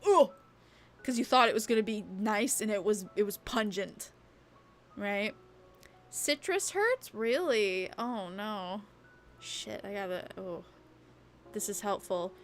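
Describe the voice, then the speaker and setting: A woman's voice: on the high side, a bit bright. A young woman streaming a casual late-night chat, rambling and chatty, peppering her talk with "like" and the odd swear word. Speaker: VTuber streamer.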